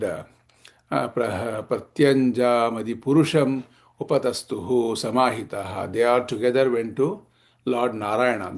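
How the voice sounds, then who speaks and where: A man teaching a scripture class, chanting verses slowly and explaining them with many fillers. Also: medium pitch, vocal fry, a little mellow.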